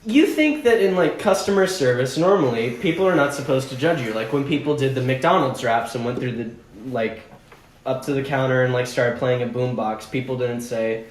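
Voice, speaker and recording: A young man hosting a casual group podcast, telling a story with animated delivery and acting out the voices of people in it. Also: mid-range voice, moderate pace. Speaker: podcast host. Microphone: phone mic. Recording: echoey room, phone mic, faint hiss.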